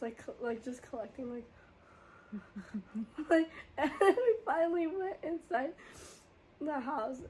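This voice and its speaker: A woman's voice: sits high, slight background noise, poor audio. A young woman hosting a casual chat, telling a story with lots of laughter and acted-out quotes. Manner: animated, laughs often, acts out voices in her story. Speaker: podcast host.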